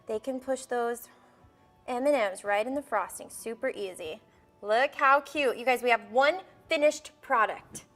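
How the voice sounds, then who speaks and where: Hosting a live baking show for kids, a young woman talks straight to the children at home in a bubbly, coaxing way. Her voice is a little high, a little slow, and a bit bright, with soft music in the background.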